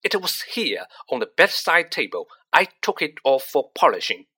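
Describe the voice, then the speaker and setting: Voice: mid-range voice, lively intonation, a little slow, sharp tone. A reader voicing a pompous, dignified teenage boy. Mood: indignant. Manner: dignified, long-suffering.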